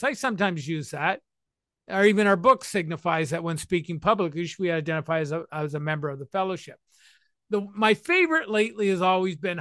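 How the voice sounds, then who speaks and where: A man in his sixties with a high, bright, forceful voice, recorded dry and close. He speaks about recovery in a playful, emphatic, animated way. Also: fairly quick, no room sound. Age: 60s. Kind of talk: talk to listeners on recovery.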